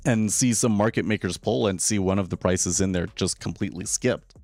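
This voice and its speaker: Casting note: low, gravelly man, loose opinionated trading chatter, faint music under him. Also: a little mellow. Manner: casual, opinionated, repeats words when starting sentences. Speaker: day trader streaming live. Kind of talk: live trading commentary.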